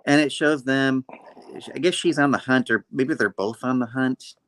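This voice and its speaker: A man's voice: mid-range voice, moderate pace. Man host, rambling casual comic review, laughs a lot, acts out the panels.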